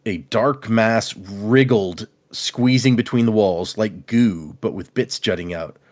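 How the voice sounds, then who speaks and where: A man hosting a casual podcast, retelling a book's scenes with quick asides and casual swearing. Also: on the low side, darkish tone. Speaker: podcast host recapping a book. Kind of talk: casual chat.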